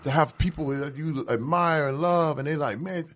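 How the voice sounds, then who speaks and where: Animated man telling stories, slightly high voice. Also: normal speed. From Flint, Michigan, USA. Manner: animated, acts out quoted voices. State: emotional. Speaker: guest. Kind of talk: casual interview storytelling.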